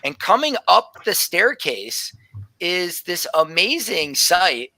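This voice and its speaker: A woman narrating a tabletop role-playing game as game master, with lively, descriptive storytelling. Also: on the low side, slow pace, dry recording.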